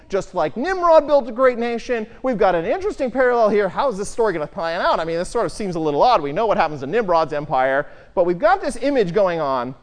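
A Bible teacher giving an animated talk and putting rhetorical questions to the listeners. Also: medium pitch. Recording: long hall reverb.

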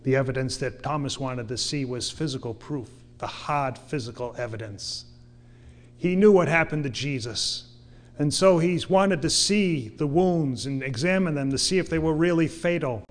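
A man preaching a sermon, reading scripture slowly and then pressing his point with earnest emphasis. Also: medium pitch. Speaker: pastor.

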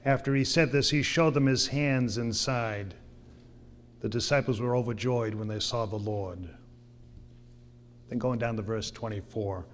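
A man preaching a sermon, reading scripture slowly and then pressing his point with earnest emphasis. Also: medium pitch, slight background noise. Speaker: pastor.

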